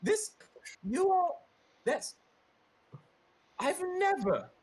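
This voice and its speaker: A man's voice: very high voice, sing-song, drawn-out words, voice pushed up, heavily acted. A man voicing an enraged middle-aged woman who has raised sons, cursing and sputtering at a group of adventurers in a tabletop game. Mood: outraged. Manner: shouting, cursing, sputtering with rage. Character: furious middle-aged woman, mother of sons, foul-mouthed.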